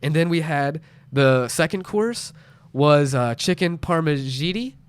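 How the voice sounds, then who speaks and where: A man's voice: a little high, unhurried, smooth, no room sound. A man in his late twenties telling a story in casual chat, acting out other people's lines in raised voices. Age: late 20s. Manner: animated storyteller, acts out quotes in raised voices. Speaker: podcast host.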